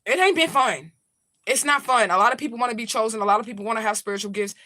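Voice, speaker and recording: A woman's voice: on the high side, fast, bright, forceful tone. A woman, a spiritual medium, telling a story to her viewers in a casual, chatty way, swearing freely and talking straight to them.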